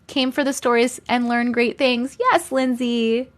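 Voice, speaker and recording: A woman's voice: fairly high pitch, steady tone, a little slow. A woman hosting a live stream, chatting casually with viewers, reading out their comments and laughing often. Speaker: livestream host reading viewer stories.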